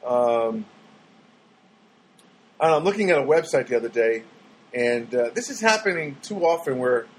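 A man's voice: mid-range voice, expressive, normal speed, pauses often, a little hiss or hum, poor audio. A man vlogging in a casual, rambling monologue that keeps swinging into exasperated rants.

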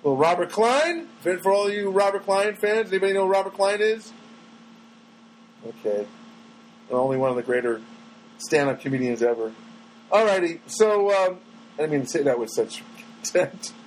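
A middle-aged podcast host rambles through his solo show, self-mocking and occasionally slipping into sung snatches. His high voice swoops animatedly at a moderate pace with long pauses, over a faint hum on a low-quality recording.

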